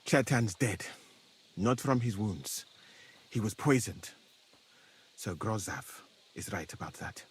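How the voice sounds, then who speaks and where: Calm foreign healer in a game camp, measured and courteous, low voice with a husky edge. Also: male voice, full character voice. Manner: measured, courteous, softly spoken. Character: calm foreign camp physician, learned and dignified. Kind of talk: video game dialogue.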